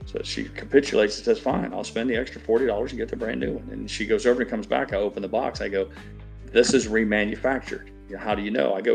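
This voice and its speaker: A man's voice: fairly low pitch, fairly even intonation, fast talker, gravelly, soft background music. A middle-aged man in a casual chat, telling an aggrieved, profane story in a ranting way. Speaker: stream regular.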